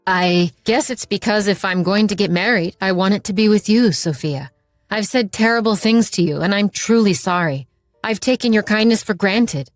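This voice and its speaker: A woman's voice: medium pitch, moderate pace, no echo, natural voice. Read by a woman, a short-tempered middle-aged boyfriend snaps out crude insults, then turns sheepish when he apologizes. The voice stays close to an everyday speaking tone in a narrated audio story. The recording is dry, with faint music underneath. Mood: earnest.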